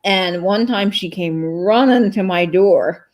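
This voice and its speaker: A woman guest on a live stream, chatting casually and telling lively stories. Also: medium pitch, slow. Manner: animated storyteller, laughs into her stories.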